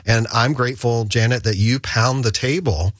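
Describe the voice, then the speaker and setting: A man's voice: mid-range voice, normal speed, fairly bright tone, dry recording, studio quality. A man at the radio station chatting on air in an earnest, rambling way, with many fillers and restarts. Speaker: radio station leader and guest. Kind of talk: casual on-air chat.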